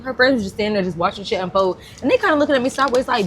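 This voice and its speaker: A woman co-hosting a podcast from a restaurant, telling a story bluntly and profanely with animated quoted voices. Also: fairly high pitch, very fast, few pauses, a little hiss or hum. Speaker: podcast co-host. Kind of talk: casual storytelling chat. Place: busy restaurant.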